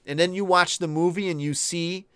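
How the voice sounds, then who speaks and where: Young male streamer, slightly high, smooth tone, dry close sound; loose, candid, swears a lot. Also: fairly even intonation, moderate pace, sharp tone, dry recording. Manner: rambling, profane and candid. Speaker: YouTube streamer. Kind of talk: casual livestream chat.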